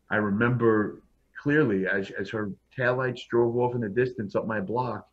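A man with a mid-range, slightly breathy voice tells his own story as a guest on a podcast, speaking bluntly and frankly and frequently starting his sentences over. It's casual interview storytelling, captured with dull, lo-fi sound.

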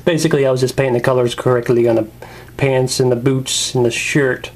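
A man's voice: medium pitch, steady tone, normal speed. A man rambling casually through a toy review.

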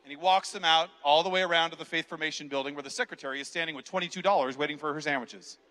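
Male keynote speaker, animated storyteller, bright forward voice, reverberant hall. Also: fairly high pitch, very fast.

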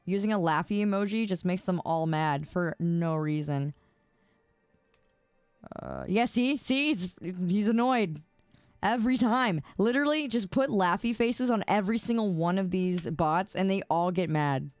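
A woman's voice: mid-range voice, unhurried, clean tone, no room sound, soft background music. A tired woman streaming a game, chatting casually with her viewers in an exasperated, laughing manner on a close mic. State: tired from staying up. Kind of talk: casual live-stream chat while gaming. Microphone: close desk mic.

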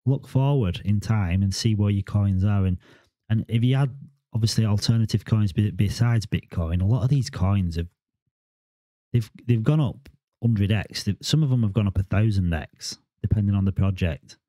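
Mellow, low-voiced man in his forties. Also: moderate pace, no room sound. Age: 40s. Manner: rambling, repeats words and restarts sentences. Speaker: crypto vlogger. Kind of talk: casual vlog monologue.

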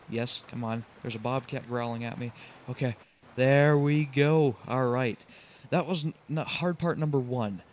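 A young man who hosts a gaming channel commentates on his own run of a driving game, getting frustrated, pleading with the truck, and groaning at his mistakes. His voice is mid-range at normal speed, with the highs cut off and a little hiss or hum.

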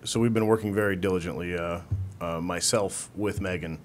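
A man's voice: low-pitched, steady tone, a little fast, soft background music. A man giving a plain update at a city council meeting, with frequent filler uhs. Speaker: city official reporting on an airline service.

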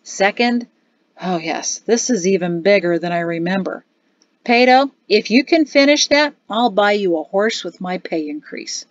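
A woman reading an audiobook voices a calm, wry male officer and father who speaks softly with dry humor, in a slightly dull, dry studio recording. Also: high voice, a little slow, dry recording. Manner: soft-spoken, dry humor.

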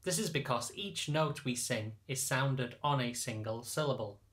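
A man who teaches choir singers, calmly explaining step by step how to read lyrics in sheet music. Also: mid-range voice, normal speed. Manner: patient, methodical explaining. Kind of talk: instructional narration.

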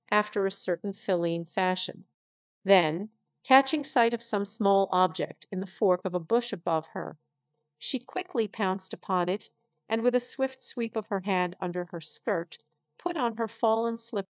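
A synthetic-sounding woman narrating a story in an even, unhurried reading voice. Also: medium pitch, no room sound. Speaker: audiobook narrator. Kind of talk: scripted narration.

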